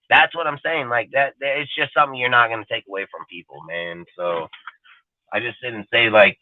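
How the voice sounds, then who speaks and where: A man rants in a live fan-show segment, blunt and profane, full of street slang. His voice sits at an ordinary middle pitch. It comes through dry and tinny, like a phone line. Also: no echo. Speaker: podcast co-host.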